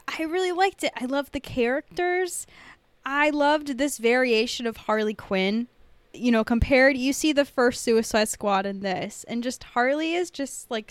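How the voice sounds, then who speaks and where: Smooth-voiced bubbly woman podcast host. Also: high voice, dry recording. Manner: bubbly and chatty, laughs easily. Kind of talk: casual chat.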